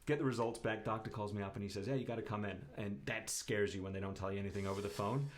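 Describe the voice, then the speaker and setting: A man telling a personal story in casual chat, animated and jokey. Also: fairly low pitch, quick pace, slight background noise. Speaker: guest.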